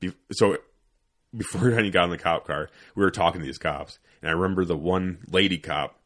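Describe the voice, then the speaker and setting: A man's voice: sits low, fairly quick, a bit bright. A man, a former Army sniper, telling a profane war-buddy story in casual interview chat. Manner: profane, with frequent acted quotes.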